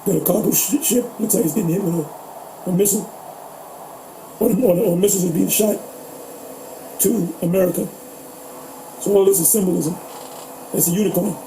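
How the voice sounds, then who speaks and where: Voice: mid-range voice, normal speed, long pauses, dark tone, a little hiss or hum, poor audio. A co-host talking casually about politics, rambling, swearing and fumbling for words. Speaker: podcast co-host.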